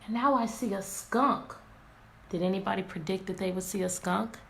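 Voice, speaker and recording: A woman teacher reading a picture book aloud to her class, animated and asking many questions. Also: mid-range voice, normal speed, creaky. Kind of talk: interactive read-aloud lesson. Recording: echoey room, faint background noise.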